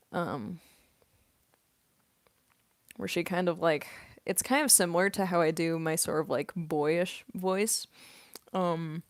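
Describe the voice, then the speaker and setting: A young woman and voice actress chatting in a quiet, soft-spoken late-night Q&A at home, laughing often. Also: on the low side, dry recording, clean studio sound. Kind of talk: casual late-night Q&A chat.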